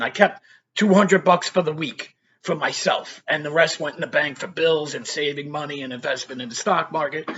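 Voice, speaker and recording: A man's voice: sits high, dull audio, slight background noise. A middle-aged man telling a story in a casual, rambling way, swearing freely. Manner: profane, animated, rambling storyteller. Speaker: vlogger.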